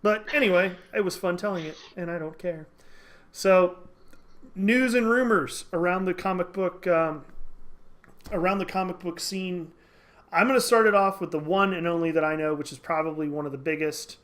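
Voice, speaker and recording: A man's voice: sits high, normal speed, fairly bright tone. A man hosting a casual comic book podcast, rambling and interrupting himself as he tells a joke. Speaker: podcast host.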